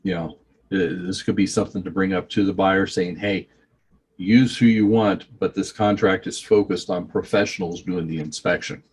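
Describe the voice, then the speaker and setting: Folksy man with a low husky voice. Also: fairly even intonation, normal speed, a little mellow. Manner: folksy, conversational, reads clauses aloud then explains. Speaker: real estate trainer. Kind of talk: training walkthrough of a contract.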